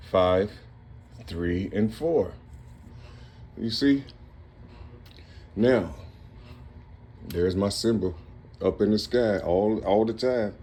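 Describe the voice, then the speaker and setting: A man recording himself in a rambling monologue, working through numbers and letters aloud with halting restarts and asking "you see?" again and again. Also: fairly low pitch, darkish tone. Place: Cincinnati, Ohio.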